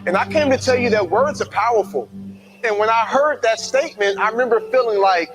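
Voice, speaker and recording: A man with a notably high voice tells his own story as a motivational speaker. He talks in an animated way and acts out the people he quotes. Faint music plays behind him. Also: a little fast, low-quality recording. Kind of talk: personal storytelling talk.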